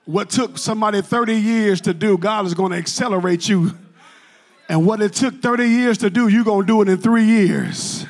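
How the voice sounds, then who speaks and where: A male pastor preaching a sermon in a church, shouting in rhythmic, repeated phrases. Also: high-pitched, normal speed. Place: church sanctuary.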